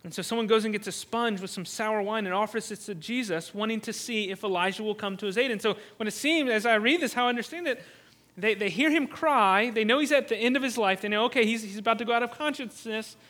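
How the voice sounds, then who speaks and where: High bright-voiced male preacher. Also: fast talker. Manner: earnest, repeats words when restarting, rises to loud cries on emphasis. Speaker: pastor. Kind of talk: sermon.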